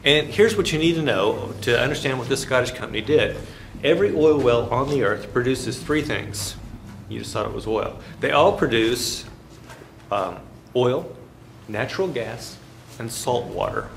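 A middle-aged man giving a classroom finance lecture in a lively, folksy storytelling manner, sometimes making sound effects. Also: mid-range voice, a little hiss or hum.

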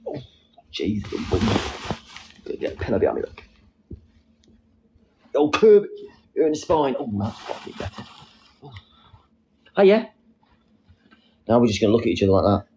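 A man's voice: fairly low pitch, big pitch swings, fairly quick, long pauses, dark tone, slight background noise. A man chatting casually on a live stream, reading out viewers' comments and answering them. He sits outdoors on a wall and talks into a phone.

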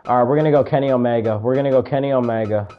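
A young man casually commentating a video game he is playing, calling moves with excitement, shouting at big moments and muttering asides to himself. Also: medium pitch, very fast, muffled recording. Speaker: gaming video creator.

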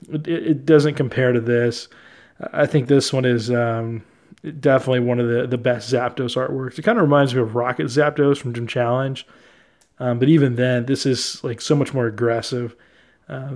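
Chatty man showing off his card collection. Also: mid-range voice. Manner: relaxed, chatty, easily amused, many fillers. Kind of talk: casual commentary on a card collection.

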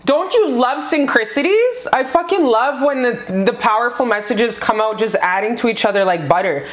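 A woman with a fairly high voice does a casual pick-a-card love reading. She talks in a gushing, foul-mouthed way, speaking straight to her viewers as "you guys." Her voice carries a roomy echo. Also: lively intonation, normal speed. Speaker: tarot card reader.

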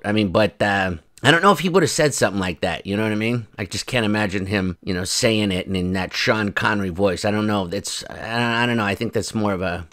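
Bright-voiced chatty male vlogger. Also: on the low side. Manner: chatty, rambling, mocking asides. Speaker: commentary channel host. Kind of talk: casual commentary vlog.

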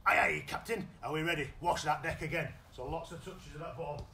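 A man with a British accent coaching children's football in a live online session, giving energetic, encouraging instructions. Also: a little high, brisk, roomy sound, a little hiss or hum, rough recording. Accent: British English. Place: indoors at home.

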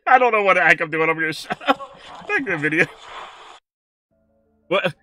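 A man talks through spooky clips in a bright, ringing voice, his pitch swinging widely as he yelps and laughs. He chats casually to viewers between jumps. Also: lively intonation, a little fast, pauses often, no room sound, clean studio sound. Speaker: reaction video host. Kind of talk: excitable reaction commentary.

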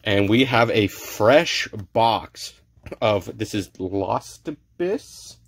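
A man's voice: lowish voice, animated, drawn-out words, a little hiss or hum. Chatty male card-unboxing host. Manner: chatty, stumbles over names. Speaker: card-opening channel host. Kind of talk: casual unboxing chat.

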